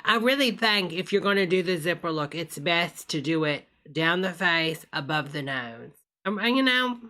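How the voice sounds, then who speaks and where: A woman's voice: lowish voice, sharp tone. A woman hosting a live reaction stream, chatting folksily with viewers and calling them honey. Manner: folksy, calls everyone honey, gushing asides. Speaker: host reacting to videos.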